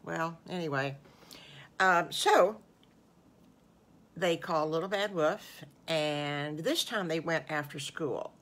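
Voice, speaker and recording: An older woman, a great-grandmother, telling an improvised children's story slowly with homely asides to the little listeners over a video call. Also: low-pitched, a bit bright. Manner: slow, homely, addressing children with small asides.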